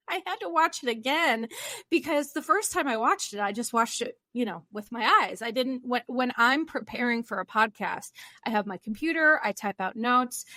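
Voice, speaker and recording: A woman's voice: on the high side, fairly bright tone, no room sound, studio quality. A young woman therapist hosting her own podcast, talking earnestly and rambling a little, with self-deprecating asides. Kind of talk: solo podcast talk.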